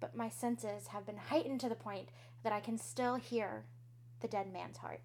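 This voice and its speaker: A woman with a slightly raised voice retells a horror story in a casual, first-person way. She drops into a hush for the creepy parts. A faint hum runs under the recording. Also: a little high, normal speed. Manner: hushed, dramatic storytelling with whispered heartbeats. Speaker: podcast co-host telling a spooky story.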